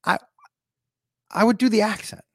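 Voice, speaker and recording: A man hosting a podcast in a casual, rambling chat, animated and swearing freely. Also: sits high, moderate pace, gravelly, no room sound, studio quality.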